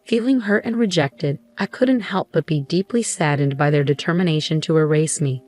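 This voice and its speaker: Low-voiced woman narrating a story. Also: moderate pace, a little mellow. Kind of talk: first-person story narration.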